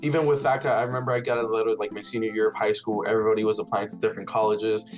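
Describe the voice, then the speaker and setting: A man's voice: on the low side, level tone, very fast, music in the background. A young man answering an interview casually, loose with fillers. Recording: dull lo-fi recording.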